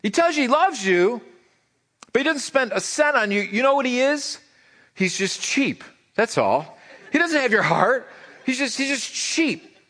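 Lively, joking middle-aged pastor. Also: male voice, very high voice, unhurried. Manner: conversational, joking, repeats words when starting sentences. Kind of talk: sermon.

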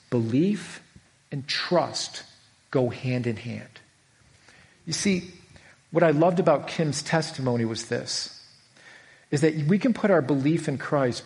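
A middle-aged man preaching to his congregation in an earnest sermon. He speaks with conviction and now and then acts out the voices of the people he quotes. His pitch sits in the middle range for a man. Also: a little mellow. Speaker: pastor.

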